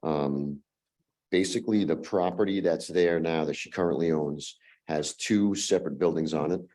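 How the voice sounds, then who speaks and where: A hoarse man who is losing his voice, making a formal presentation as an applicant to a town zoning board and running through a numbered list with fillers. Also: rumbling low, moderate pace, warm tone. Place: town meeting room.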